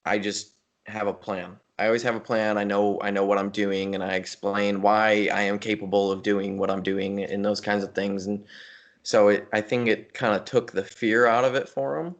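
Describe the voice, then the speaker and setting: Low-voiced man chatting casually. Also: moderate pace, lo-fi sound. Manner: relaxed, rambling with frequent restarts. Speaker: podcast co-host. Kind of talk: casual chat.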